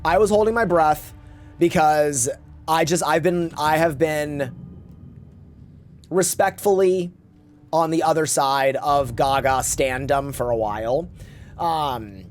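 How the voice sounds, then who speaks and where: A man's voice: fairly high pitch, slow, long pauses, a little hiss or hum. A man streaming a game, chatting casually in a rambling way with campy slang and reading chat aloud. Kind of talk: casual live-stream chat while gaming.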